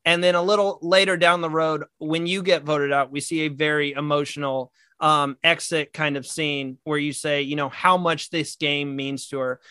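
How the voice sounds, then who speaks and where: A man's voice: a little high, little pitch movement, moderate pace, few pauses, bright, forceful tone, clean tone, no echo. An American man hosting a podcast interview, enthusiastic and asking long multi-part questions. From United States. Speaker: podcast host. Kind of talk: casual interview.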